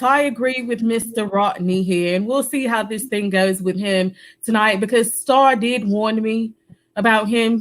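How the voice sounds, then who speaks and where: A woman's voice: fairly high pitch, natural voice. A woman playing a flamboyant, well-travelled stand-in host who hosts an online reading night with theatrical, teasing banter. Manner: theatrical, teasing, with an accent that wanders between places. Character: flamboyant globe-trotting female substitute host. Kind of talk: playful live-stream hosting banter.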